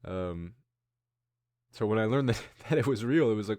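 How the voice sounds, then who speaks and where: A man's voice: fairly low pitch, animated, normal speed, long pauses, darkish tone, no echo, clean studio sound. A man in his thirties hosting a casual news-commentary show, rambling and musing with self-deprecating asides. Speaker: host.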